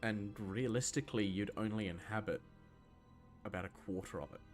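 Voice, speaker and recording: A man's voice: lowish voice, normal speed, faint music behind. A young man from Scotland giving loose, rambling gameplay commentary and answering chat questions, with plenty of ums and restarts. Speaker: gaming video host.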